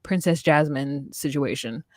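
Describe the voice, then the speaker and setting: A woman co-hosting a podcast in casual chat, recapping a reality show with sassy, animated storytelling. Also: deep voice, measured pace, no echo, studio quality. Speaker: podcast co-host.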